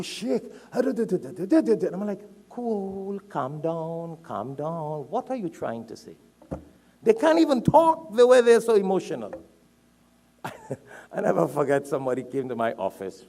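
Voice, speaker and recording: A man from Trinidad preaching a sermon, telling stories with emphatic repetition. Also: mid-range voice. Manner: animated storytelling, emphatic repetition. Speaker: Islamic preacher.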